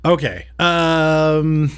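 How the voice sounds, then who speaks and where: A man's voice: a little high, fairly even intonation, fairly bright tone, clear, resonant tone. A man streaming a puzzle game live, chatting casually and reading viewer jokes aloud. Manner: reads chat jokes aloud, slow and musing. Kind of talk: casual live-stream chat while gaming.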